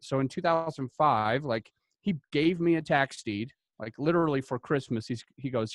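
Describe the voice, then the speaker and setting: A man from Utah tells stories as a podcast guest, animated and chatty, with plenty of "like" fillers. His voice sits a bit higher than most men's. The sound is close and dry. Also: normal speed, no room sound. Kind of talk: casual interview storytelling.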